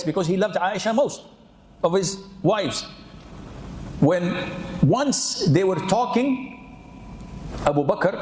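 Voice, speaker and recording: A somewhat high-voiced man preaching with lively humor, jumping into little acted-out quotes. His voice rings around an echoey room. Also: a little hiss or hum. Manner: animated, humorous, acts out quotes. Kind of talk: sermon.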